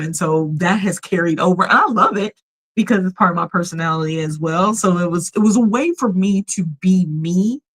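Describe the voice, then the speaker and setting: A woman's voice: lowish voice, a bit bright, low-quality recording. A woman hosting a casual livestream, chatty and emphatic, with a polished radio voice. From United States. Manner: chatty, emphatic, often laughs and reads chat messages aloud. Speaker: livestream host.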